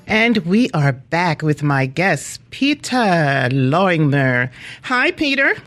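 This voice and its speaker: A woman's voice: low-pitched, takes it slowly, soft background music. A woman hosting a radio talk show, interviewing a guest with lots of laughter. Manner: giggly, animated storyteller.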